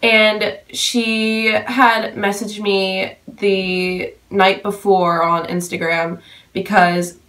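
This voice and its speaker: A woman's voice: on the low side, a bit bright. A young woman vlogging a story time, gushing and breathless, with lots of "like" fillers. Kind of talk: excited story-time vlog.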